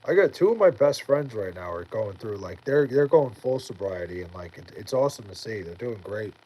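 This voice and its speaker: A man's voice: fairly low pitch, animated, a little fast, dark tone, rough recording. A man livestreaming late at night, chatting with viewers in a rambling, tired way full of fillers and restarts. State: tired, near bedtime. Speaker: livestreamer reading chat.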